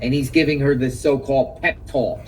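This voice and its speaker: A man's voice: mid-range voice, steady tone, moderate pace, darkish tone, distant mic, slight background noise, low-quality recording. A man giving emphatic live reaction commentary outdoors, exclaiming and repeating his key points.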